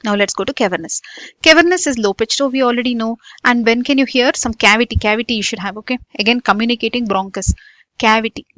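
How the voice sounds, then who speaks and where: A woman's voice: on the high side, fast talker, a bit bright, no echo. A woman with an Indian English accent teaching a medical exam lecture, repeating key points and quizzing students with frequent "okay" and "guys". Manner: repetitive, drilling students with questions and frequent "okay". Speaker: medical tutor.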